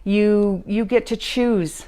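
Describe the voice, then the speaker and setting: A woman gives an upbeat motivational talk over a live stream. Her pitch sits in a middle range. She tells stories and comes back to her main points again and again. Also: slow pace, warm tone. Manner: upbeat, repeats key phrases for emphasis. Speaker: podcast host and life coach. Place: live stream recorded at home.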